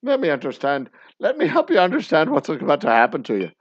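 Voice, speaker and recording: A man voicing a menacing Irish father who is hunting his daughter's kidnapper, in a deliberately bad Irish accent, with loud, growled threats. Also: fairly high pitch, wildly swooping pitch, muffled recording. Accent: put-on bad Irish accent.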